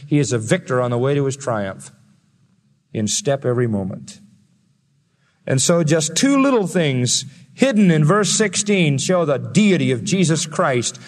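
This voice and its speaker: Emphatic preacher man in a reverberant hall. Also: a little high. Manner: emphatic, rising to loud peaks, slowing for stress. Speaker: pastor. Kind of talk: sermon. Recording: long reverb of a large hall.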